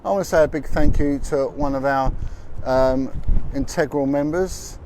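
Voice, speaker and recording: A man's voice: mid-range voice, normal speed, darkish tone. A man hosting a casual livestream outdoors, chatting with asides as he reads out figures. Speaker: livestream host. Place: outdoors in windy street. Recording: noisy outdoor street recording. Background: wind, traffic and street noise.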